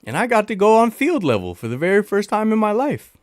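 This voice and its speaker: A man chatting on a livestream with a voice that swings hugely up and down, sitting a little higher than most men's. He is playful and talks straight to his viewers, repeating lines for emphasis. The sound is close and dry. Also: fairly quick, no room sound. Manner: animated, talks about himself in the third person; playful, blows kisses into the mic. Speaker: livestream host. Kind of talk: casual livestream chat.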